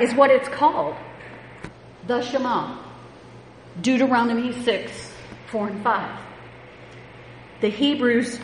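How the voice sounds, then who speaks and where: A woman preaching a sermon, stressing words emphatically and often rising in pitch and volume as she drives a point home. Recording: echoey hall with faint background noise.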